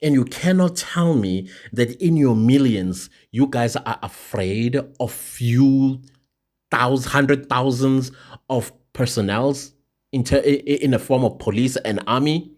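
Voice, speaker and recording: A man's voice: mid-range voice, unhurried, darkish tone. A South African man hosting an impassioned opinion monologue, firing off rhetorical questions. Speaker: show host.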